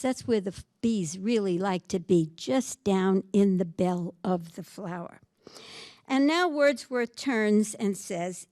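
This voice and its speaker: A woman giving a poetry lecture in a library, reading verses slowly and then explaining them in a chatty way. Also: mid-range voice, mellow, dry recording. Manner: reads verse slowly, then chats about it.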